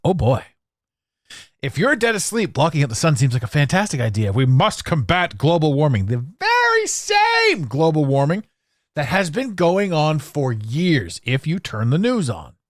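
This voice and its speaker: A man hosting a podcast monologue, ranting sarcastically with animated swings and frequent profanity. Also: on the high side, normal speed, dry recording, clean studio sound. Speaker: podcast host.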